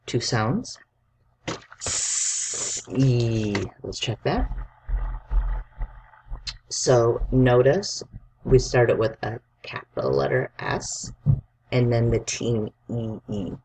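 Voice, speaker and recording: A man's voice: medium pitch, very animated, slow, pauses often, darkish tone, slight background noise. A male teacher giving a spelling lesson to young children, dictating words and patiently sounding out each letter.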